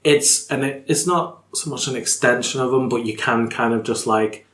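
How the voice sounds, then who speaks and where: A man's voice: medium pitch, moderate pace, fairly bright tone. A man hosting a podcast in casual chat, rambling with lots of fillers. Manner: chatty, rambling with many fillers. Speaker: podcast host. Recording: echoey room.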